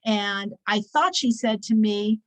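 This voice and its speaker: A woman's voice: mid-range voice, takes it slowly, poor audio. Chatty woman in her sixties teaching. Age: 60s. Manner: chatty, anecdotal, many fillers and restarts. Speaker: Torah class teacher. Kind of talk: casual weekly scripture class.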